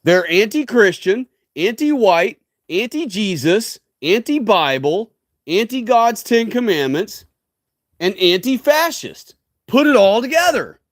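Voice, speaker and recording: A high-pitched man speaking into a dry, close-sounding mic. He hosts a solo stream and lectures in a ranting, emphatic way. He keeps checking in with his listeners with "okay?" and "right?". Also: big pitch swings, measured pace, no room sound. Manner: frequent tag questions, "okay?" and "right?". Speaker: livestream host. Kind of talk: solo livestream monologue.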